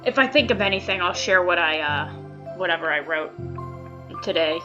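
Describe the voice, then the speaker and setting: Teary after crying, a woman with an expressive voice on the low side plays a visual novel, reading its text aloud at a moderate pace with long pauses. Her casual let's play commentary is emotional, blunt, and full of swearing, recorded over music with the highs cut off.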